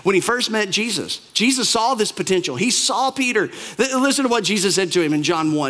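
High-voiced man preaching a lively sermon. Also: moderate pace. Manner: animated storytelling, acts out quoted lines. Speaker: pastor.

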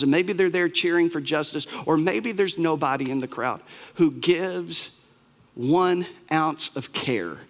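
A man's voice: fairly high pitch, fairly bright tone, in a large hall. A man preaching an impassioned sermon, telling a story dramatically in a church sanctuary.

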